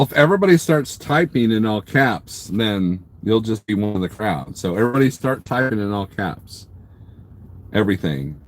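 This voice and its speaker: A man live-streaming from his parked truck at a truck stop, casually rambling, joking and teasing viewers as he reads their comments. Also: fairly low pitch. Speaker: trucker livestreamer.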